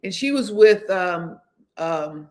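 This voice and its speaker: A woman's voice: lowish voice, lively intonation, slow pace. A woman in her seventies, hosting a casual livestream chat, rambling along with many restarts and hesitations. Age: 70s. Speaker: host.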